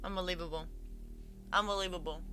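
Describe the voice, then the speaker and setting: A woman's voice: lowish voice, steady tone, a little fast, pushed and bright, smooth. A woman streaming games, chatting playfully, cooing at her cat and reading game text aloud with drama. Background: faint stream music.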